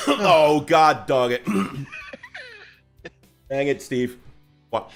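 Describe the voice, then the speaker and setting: A man hosting a casual livestream, bantering loudly and laughing as he teases his guests. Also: on the high side, huge pitch swings, extremely slow, soft background music. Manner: loud, laughing, teasing. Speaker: host.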